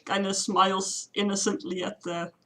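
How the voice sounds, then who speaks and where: A woman's voice: medium pitch, little pitch movement, fairly bright tone, a little hiss or hum. A woman playing a tabletop game who narrates her character's actions and giggles often. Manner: slow, gravelly, giggly. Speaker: player.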